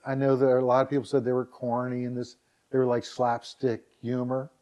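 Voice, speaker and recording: On a podcast, a man who founded a dating site shares stories casually, talking fairly quickly in a mid-range voice. He acts out quotes animatedly with his voice raised, and the sound quality is lo-fi.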